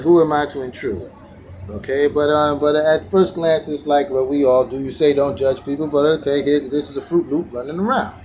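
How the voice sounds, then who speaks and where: A man with a somewhat high voice shares a rambling, reflective story with his viewers, circling back and restarting his sentences as he goes. He gets animated when he retells moments of being challenged. Quiet outdoor ambience hums faintly behind him. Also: slight background noise, poor audio. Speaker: vlogger sharing a daily teaching.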